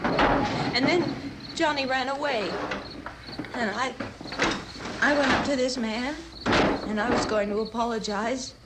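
Brief: shaken young woman in an old horror film, high voice, slow halting delivery, loud crickets in the night. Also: fairly even intonation, heavy background noise. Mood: dazed. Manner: halting, dazed recollection rising to sobbing screams. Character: terrified young woman in shock, rambling.

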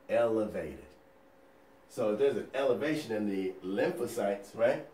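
Energetic man quizzing through a lecture. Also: on the low side, roomy sound, far from the mic, slight background noise. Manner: energetic, quizzing with rhetorical questions; folksy and playful. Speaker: nursing educator. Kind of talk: recorded lecture over slides.

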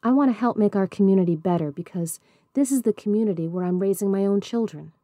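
A woman's voice: mid-range voice, fast talker, dark tone, no room sound, lightly acted. A woman voicing a sincere, community-minded mother in a storybook reading. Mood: earnest.

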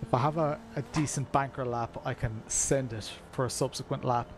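Irish guy, streamer, mid-pitched, easygoing chatter with lots of fillers, talks to his chat while he drives. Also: steady tone, moderate pace, a little hiss or hum. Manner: chatty, greets viewers by name, many fillers. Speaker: sim racing streamer. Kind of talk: casual live-stream commentary while racing. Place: room at home.

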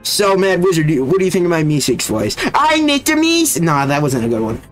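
A man's voice: on the high side, lively intonation, quick pace, faint music behind. A young man casually commentating his gameplay, hyped and constantly saying "bro.". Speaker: gaming streamer.

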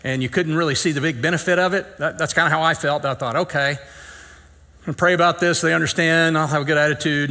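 His voice is a little high, pushed and bright. The middle-aged pastor delivers folksy, funny sermon storytelling, voicing the dialogue and joking at his own expense.

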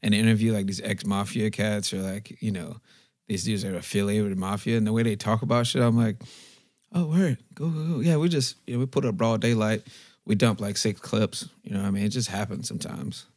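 A man's voice: lowish voice, steady tone, fast talker, darkish tone, dry recording, clean studio sound. A young adult man co-hosting a podcast, bantering casually in a laid-back way, full of slang and swearing. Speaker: podcast co-host. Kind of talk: casual chat.

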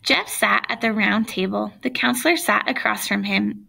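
Brief: expressive teacher reading a children's book to students, bright, forceful tone. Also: female voice, medium pitch, moderate pace, vocal fry. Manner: expressive, chatty asides to listeners.

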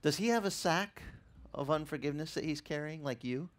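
A middle-aged male pastor giving a sermon, telling stories in an animated way and acting out the dialogue. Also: fairly high pitch, fairly quick. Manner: animated storytelling that acts out dialogue.

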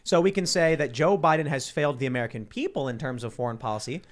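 A man hosting a casual studio panel chat, delivering sarcastic deadpan punchlines. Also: mid-range voice, quick pace. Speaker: host.

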